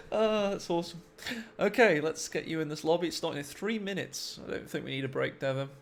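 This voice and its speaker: A man's voice: fairly high pitch, a little fast, creaky, few pauses. A man casting a live strategy game stream, joking, laughing and reading out subscriber names. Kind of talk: casual live game commentary. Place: home streaming setup.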